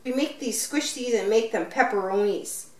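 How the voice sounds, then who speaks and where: A woman's voice: on the high side, moderate pace, a little mellow. A woman filming herself playing with her young child, encouraging him and asking lots of questions in a sing-song way. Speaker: parent filming play with her toddler. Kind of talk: unboxing and play vlog. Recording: roomy, from mic distance.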